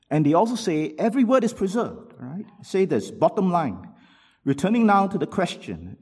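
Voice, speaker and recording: A husky-voiced man preaches a sermon, swinging between loud rhetorical questions and quiet asides, and reads quotations aloud from books.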